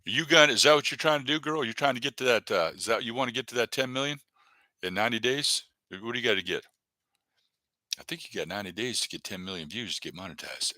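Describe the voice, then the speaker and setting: A man's voice: mid-range voice, fast, bright, forceful tone, no echo. A man hosting a live stream, rambling and joking casually as he talks to viewers in the chat by name. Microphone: desk webcam setup.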